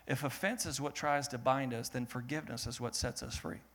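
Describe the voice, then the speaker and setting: Young man preaching, bright voice, animated, swings between loud and hushed. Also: mid-range voice, fairly quick, creaky. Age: young adult. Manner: animated, laughing, builds to loud peaks then drops to soft earnest tone. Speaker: pastor. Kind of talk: sermon.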